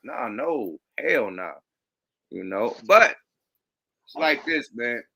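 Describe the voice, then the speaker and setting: Bright-voiced man in loose, cursing podcast banter. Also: mid-range voice, animated, takes it slowly, gravelly, a little hiss or hum. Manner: profane, slangy, laughing banter. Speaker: podcast host. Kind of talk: casual chat.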